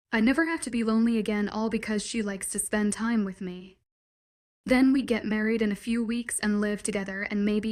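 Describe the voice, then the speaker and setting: A woman's voice: medium pitch, lightly acted. A woman reading the lines of a possessive young male werewolf, pleading with intense declarations.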